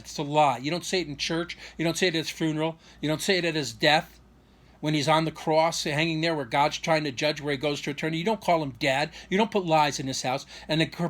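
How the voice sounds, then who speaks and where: A middle-aged man recounts a personal grievance in a rambling monologue, stopping to restart and throw out rhetorical questions. His voice sits high for a man. He sounds wronged and indignant throughout. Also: a bit bright. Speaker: vlogger.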